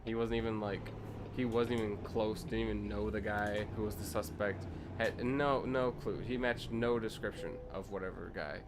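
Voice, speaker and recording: A man's voice: lowish voice, steady tone, normal speed. A young man streaming a truck-driving game from his home setup, chatting casually and telling a heated, profane story. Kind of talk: casual gaming stream chat. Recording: truck engine noise from game. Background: game truck engine and road ambience.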